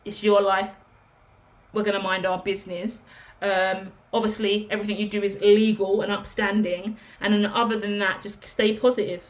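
Woman tarot reader, earnest and emotional, casual rambling delivery, mid-pitched. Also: flat delivery, normal speed. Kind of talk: casual spoken tarot reading.

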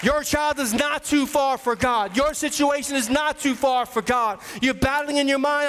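Male pastor, high voice, repetitive rising sermon delivery, long church-hall echo. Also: steady tone, measured pace, hardly any pauses, fairly bright tone. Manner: preaching with repeated rising declarations. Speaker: associate pastor. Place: large church sanctuary.

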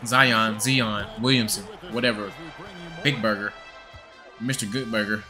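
A man's voice: on the low side, steady tone, a little slow, over music. A young man giving profane, trash-talking gameplay commentary with a hyped, joking manner. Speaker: gaming video creator.

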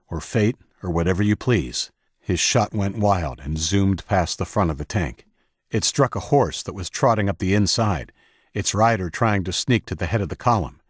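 Deep-voiced male audiobook narrator. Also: dry recording, clean studio sound. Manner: steady, measured reading of action scenes. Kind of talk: scripted narration.

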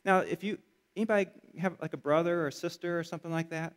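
A man's voice: fairly high pitch, fast talker, smooth. Conversational man preaching a sermon. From Michigan. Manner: conversational storytelling, builds to energetic emphasis. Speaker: pastor.

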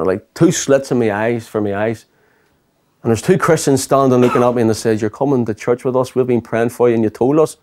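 A man's voice: mid-range voice, dark tone. A pastor telling his life story as an earnest personal testimony. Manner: earnest storytelling, quoting himself and others.

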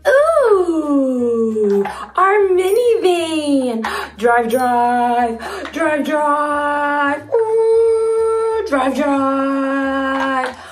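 Young woman, toddler host, playful sound effects, very slow talk, soft music behind. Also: high voice, very animated.

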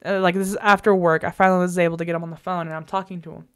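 A woman's voice: lowish voice, flat delivery, racing, smooth. A woman vlogger telling a personal story in an emphatic, exasperated way, recorded in a bedroom at home.

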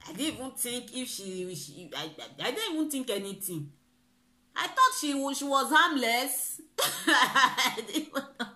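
Bright-voiced Nigerian woman telling a story. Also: on the high side, echoey room. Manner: animated storytelling, mixing pidgin and laughter. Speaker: vlogger. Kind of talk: story time vlog. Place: in a car.

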